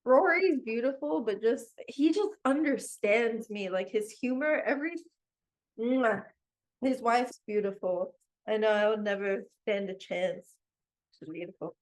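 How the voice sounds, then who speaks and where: A podcast co-host in easy conversation, her voice sitting high and bubbling over with excitement. She drawls her words out slowly and laughs often while she gushes. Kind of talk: casual chat.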